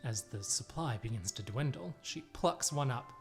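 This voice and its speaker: A man narrates a tabletop game as game master, telling the scene in a relaxed, descriptive way. His voice sits at an ordinary pitch for a man, with faint music playing behind him. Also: normal speed, gravelly.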